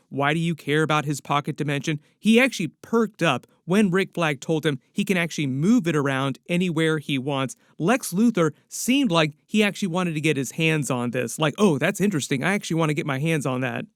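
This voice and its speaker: A man talks through theories in an easygoing, chatty commentary, often adding "like" as he goes. His voice sits a bit high. The sound is dry and close, with no room echo. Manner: chatty, leans on "like", speculative. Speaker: YouTube pop-culture commentator. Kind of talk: casual video commentary.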